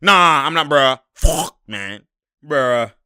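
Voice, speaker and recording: Bright, exasperated young man reacting to a game. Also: fairly high pitch, expressive, takes it slowly, clear, resonant tone. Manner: exasperated, slangy, laughing and shouting at plays. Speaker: sports commentator reacting to a game. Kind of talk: casual live game reaction.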